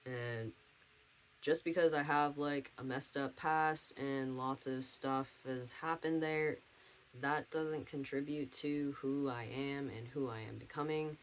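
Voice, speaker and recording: A young man talks through a relaxed life-update vlog from home, wandering from thought to thought with plenty of fillers and false starts. His voice sits at a middling pitch, with a faint hiss underneath. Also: slow, low-quality recording. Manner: rambling, many fillers and restarts. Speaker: vlogger.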